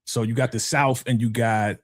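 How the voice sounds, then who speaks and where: A man's voice: mid-range voice, steady tone, normal speed, no room sound, clean studio sound. A man from New York co-hosting a podcast in casual chat, telling stories conversationally and often adding "you know what I'm saying". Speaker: podcast co-host.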